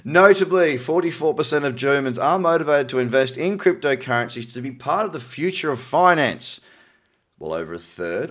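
A middle-aged Australian man who comments on crypto news casually reads out articles, adding cynical, wry asides. His voice is medium-pitched and a bit bright.

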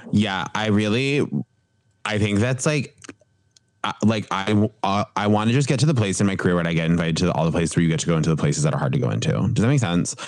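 A man's voice: deep voice, fast, no echo. A young man chatting casually as a podcast guest, full of filler words and restarts. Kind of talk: casual chat.

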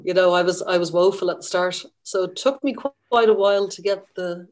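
A woman's voice: on the low side, steady tone, brisk, darkish tone. Chatty Irish-born woman ski journalist. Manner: chatty, enthusiastic, with restarts. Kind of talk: casual interview.

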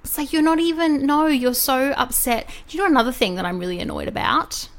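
A woman's voice: high voice, lively intonation, fast talker. A woman co-hosting a podcast, talking in a heated, outspoken way and swearing often. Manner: heated, swears, mimics politicians. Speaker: podcast co-host. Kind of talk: casual podcast chat.

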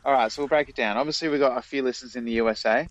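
A man's voice: medium pitch, very fast, highs cut off, a little hiss or hum. A man, co-hosting a casual podcast chat in an easygoing way and laughing along. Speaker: podcast co-host.

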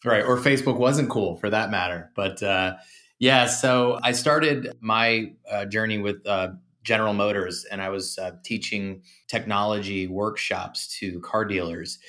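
A man with a low-pitched voice answers questions as a podcast guest. He talks in an easygoing, conversational way and leans on small fillers as he explains things. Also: a little slow, bright, forceful tone. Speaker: guest, social media consultant. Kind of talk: casual interview chat.

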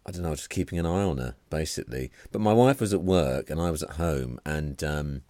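Deep voiced guy cohost, super dry deadpan jokes, sweary, no room echo at all. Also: fairly quick. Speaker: podcast co-host. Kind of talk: casual chat.

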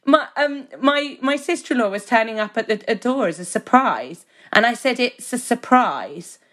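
A woman co-hosting a podcast, telling animated stories in casual chat, with swearing and laughter. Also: a little high, normal speed. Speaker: podcast co-host.

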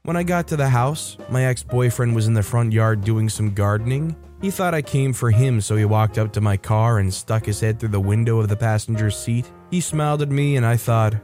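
Man reading stories over soft music. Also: mid-range voice, moderate pace, hardly any pauses. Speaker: story narrator. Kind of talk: scripted story narration. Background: soft background music.

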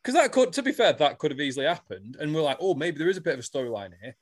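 Animated, swearing man retelling. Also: a little high, very fast. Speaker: podcast co-host. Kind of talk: casual chat recapping a soap.

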